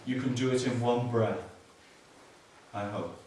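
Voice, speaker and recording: Recorded far off in a very echoey meditation hall with a bit of hiss or hum, a male Buddhist teacher speaks in a steady, medium-pitched, slightly mellow voice. His dharma teaching is slow and repetitive, with key words repeated and dry jokes along the way.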